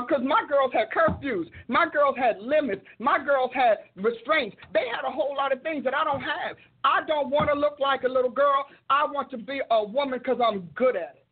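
Older woman minister, emphatic repetitive preaching, husky voice, tinny phone-like audio. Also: sits high. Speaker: minister and show host. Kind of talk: sermon-like talk.

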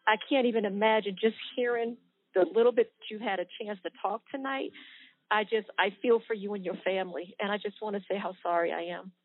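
A woman's voice: mid-range voice, steady tone, brisk. A woman co-host speaking sincerely and with sympathy. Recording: tinny phone line.

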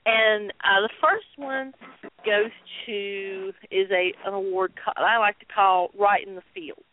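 A woman co-hosting a wrestling talk show, telling stories in an animated, chatty way with laughs and fillers. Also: mid-range voice, measured pace, dry recording. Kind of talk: casual chat. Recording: tinny phone-line sound.

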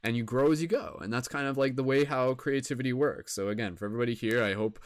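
A man's voice: mid-range voice, quick pace, no room sound. A young man hosting a casual video-call broadcast, rambling with many fillers and encouraging his guests. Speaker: host.

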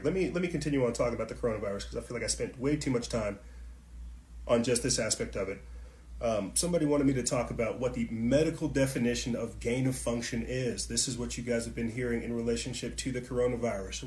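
A man's voice: medium pitch, echoey room, slight background noise. A man hosting his own channel, giving a heated, repetitive monologue straight to his viewers. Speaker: channel host. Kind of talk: impassioned monologue to camera.

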